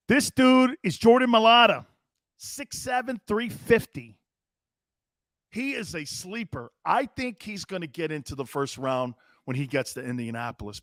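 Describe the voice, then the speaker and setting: Brash sports-talk host in his fifties, foul-mouthed, high male voice, dry close sound. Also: a bit bright, no room sound. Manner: brash, profane, mocking.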